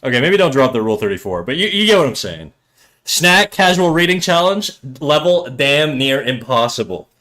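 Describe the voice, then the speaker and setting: A man's voice: fairly high pitch, very animated, normal speed, bright, forceful tone. A French Canadian man, native French speaker, hosting a casual livestream, chatting with viewers in a joking, rambling way. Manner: joking, rambling, switches between English and French. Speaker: livestream host. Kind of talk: casual stream chat with chat readers.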